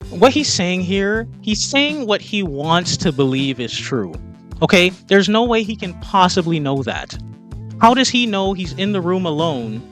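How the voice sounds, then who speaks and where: A man with a fairly high voice talks back at video clips in a mocking, exasperated commentary. He keeps telling the person on screen to calm down. Faint music runs underneath. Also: unhurried. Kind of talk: opinion commentary.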